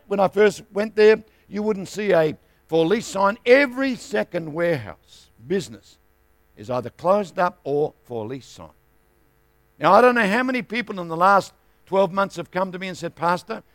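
A man's voice: sits high, creaky, no echo. A middle-aged man preaching a sermon as pastor, emphatic, firing rhetorical questions at the congregation.

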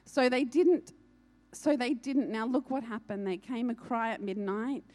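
A woman delivering a sermon in a fairly high voice. She presses her points with urgency and repeats key lines to drive them home. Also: unhurried, dark tone. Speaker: preacher.

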